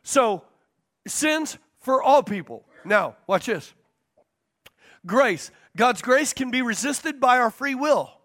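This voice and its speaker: A pastor teaching a sermon, stressing key points by repeating them and checking in with the congregation. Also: male voice, very high voice, animated, slow, fairly bright tone.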